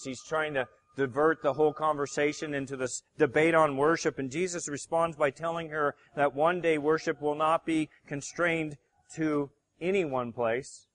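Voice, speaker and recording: Emphatic preacher, slightly high voice. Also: male voice. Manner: emphatic, asks the congregation rhetorical questions. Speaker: pastor. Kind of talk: sermon.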